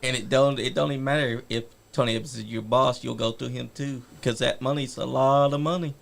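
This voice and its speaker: A gravelly-voiced man co-hosts a casual chat, chiming in with short remarks and agreement. His voice is mid-pitched with lots of fry. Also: fairly even intonation, brisk. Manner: brief interjections, agreeing. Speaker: co-host.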